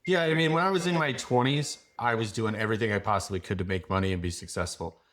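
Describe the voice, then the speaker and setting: A man's voice: lowish voice, quick pace, a bit bright. A man guest on a business podcast, talking confidently and a bit rambling, full of "like" fillers as he gives advice. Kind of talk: casual podcast conversation.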